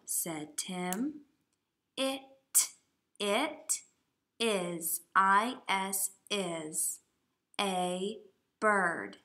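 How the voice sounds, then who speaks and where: A woman's voice: mid-range voice, very slow, long pauses, sharp tone. A woman teaching young children, reading a simple story aloud and sounding out words letter by letter. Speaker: kindergarten teacher. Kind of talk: slow read-aloud lesson for young children.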